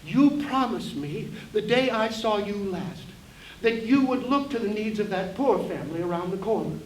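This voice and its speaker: A man's voice: sits high, darkish tone. A man doing a scolding old aunt. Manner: scolding, prim. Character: reproachful elderly aunt, genteel and pious. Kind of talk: one-man stage play. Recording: roomy hall, distant mic, faint hiss.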